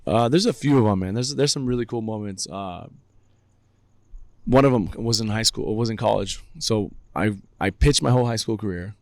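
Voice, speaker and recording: A man in his thirties telling stories as a guest on a podcast interview, animated and acting out what others said. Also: on the low side, normal speed, no room sound. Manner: animated, acts out quotes with raised voice. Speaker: guest, baseball director. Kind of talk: casual storytelling in a podcast interview.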